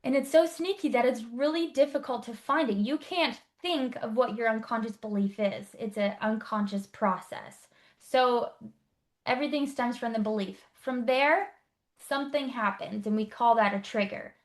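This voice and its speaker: A woman life coach teaching an online workshop, explaining briskly and checking in with rhetorical questions. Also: a little high.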